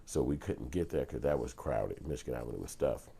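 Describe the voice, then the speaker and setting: A man's voice: a bass voice, animated, brisk, creaky, warm tone, slightly rough. A man telling a personal story on his vlog, casual and profane, acting out heated arguments in other voices. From Chicago. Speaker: vlogger and filmmaker.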